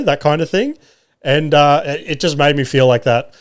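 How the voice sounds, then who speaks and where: Here an Australian man in his thirties, hosting a podcast at home, tells wry and profane stories in a relaxed chat at normal speed with a fairly high pitch. Lots of filler creeps in, and he performs the quoted lines.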